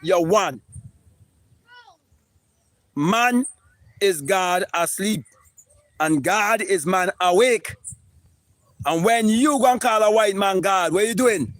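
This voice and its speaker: A man delivers an impassioned live-stream monologue as a spiritual teacher. His voice sits high, and he hammers points home, swears freely and stumbles over repeated words. The sound is close and dry, with no room echo. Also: slow pace, pauses often, fairly bright tone. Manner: emphatic, preachy and profane, with repeated words.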